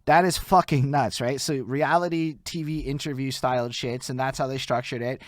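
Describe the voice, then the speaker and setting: Excitable cursing male podcast host, dry sound. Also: mid-range voice, normal speed, dry recording. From Montreal, Canada. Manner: excitable, profane, restates and recaps. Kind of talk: casual interview chat.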